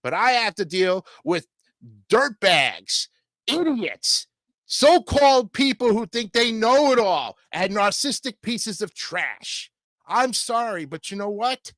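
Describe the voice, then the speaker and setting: A man's voice: sits high, sing-song, takes it slowly, a bit bright, dry recording, clean studio sound. A man hosting a livestream show, delivering combative, crude political commentary and repeatedly asking his audience "okay?".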